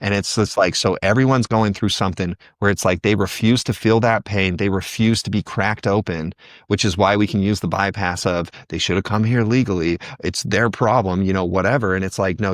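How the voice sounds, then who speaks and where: A man's voice: low-pitched, no echo, clean studio sound. A man as a podcast guest, talking with passion and often quoting other people. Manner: passionate, animated, quotes others in voices. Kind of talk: conversational podcast interview.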